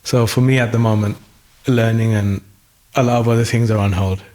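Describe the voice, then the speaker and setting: Still getting over an illness, this guest musician talks in a lowish, mellow voice. His intonation stays fairly even and his pace is fairly quick. It's a conversational interview, and he comes across as thoughtful, restarting hesitantly now and then.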